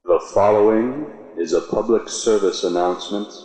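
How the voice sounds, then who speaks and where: An actor playing a stern male announcer in an anti-drug public service ad, speaking in a solemn, deliberate way. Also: fairly low pitch, warm tone, natural voice. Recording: dull, reverberant old ad recording.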